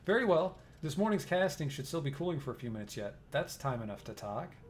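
A man reading game dialogue aloud, voicing a cultured and polite middle-aged male engineer who speaks in a formal, measured way. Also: fairly high pitch, very animated, slight background noise.

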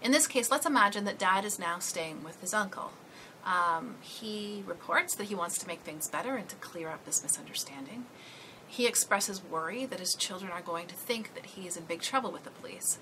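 A woman's voice: mid-range voice, animated, normal speed, background noise. A woman trainer guiding listeners step by step through a case scenario. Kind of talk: training presentation.

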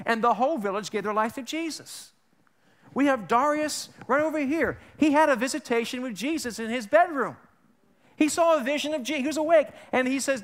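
A high-pitched man preaches to his congregation in a loose, conversational way. He asks the room questions, stumbles and restarts his phrases, and slips in jokes between points. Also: animated, a little fast, fairly bright tone. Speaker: pastor. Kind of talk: sermon. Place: church sanctuary.

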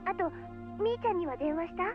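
A sweet but urgent teenage schoolgirl from an anime game. She speaks very high and fast, caring yet firm. Game music plays underneath. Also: lively intonation, narrow, tinny audio. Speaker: game voice actress.

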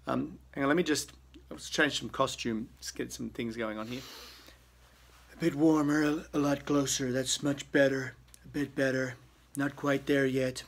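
A man's voice: mid-range voice, steady tone, moderate pace, creaky. A man, a comedian, giving a playful comic tutorial in a breezy, chatty way. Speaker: comedian teaching an impression.

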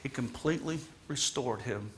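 A man's voice: medium pitch, moderate pace. A man delivering a sermon as guest minister in a church, earnest and emphatic, retelling a story dramatically. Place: church sanctuary.

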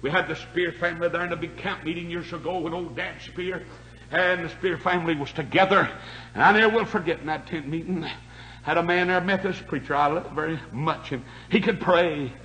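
An older man preaching a fiery revival sermon, swinging between shouted peaks and quiet, hushed stretches. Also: on the high side, brisk, rough recording.

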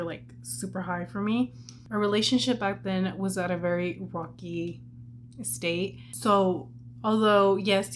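A young adult woman vlogger with a mid-range voice chats candidly during a casual makeup vlog, telling a personal story. She fills her speech with "like," and there's slight background noise.

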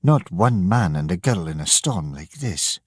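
A man's voice: low voice, big pitch swings, measured pace, darkish tone, husky, no room sound, studio quality, exaggerated voice. A man voicing a worried middle-aged mother who pleads insistently, in a storybook reading. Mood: grim.

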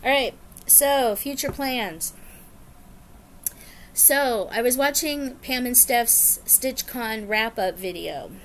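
A woman chatting casually to her viewers in a rambling, bubbly way, often getting excited. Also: fairly high pitch, slow, a little hiss or hum. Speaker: cross-stitch vlogger. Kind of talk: casual chat to camera.

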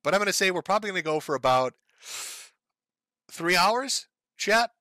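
A man's voice: high-pitched, expressive, moderate pace, bright, forceful tone, dry recording. A man hosting a live stream, ranting in profane, sarcastic, mocking commentary. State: sore, says his throat gives out.

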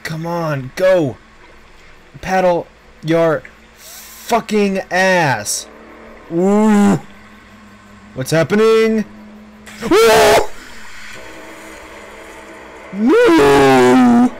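Slow, panicky gamer swearing at scares. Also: mid-range voice, lively intonation, poor audio. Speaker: gameplay streamer. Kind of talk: casual let's play commentary.

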